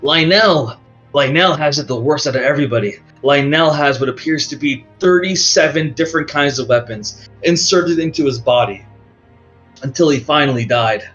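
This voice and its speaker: A man's voice: fairly high pitch, moderate pace, a bit bright. A man narrating a tabletop game as game master, in a casual, rambling way. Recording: dull lo-fi audio with faint music.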